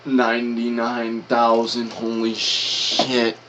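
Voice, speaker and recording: A man's voice: mid-range voice, monotone, takes it slowly, background noise. A man streaming, giving casual, slangy reaction commentary with some swearing.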